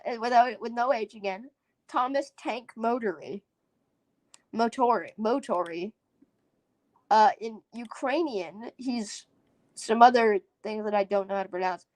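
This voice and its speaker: A woman's voice: fairly high pitch, a little slow, no room sound. A woman hosting a casual solo podcast, rambling and giggling as she sounds out foreign words. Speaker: podcast host.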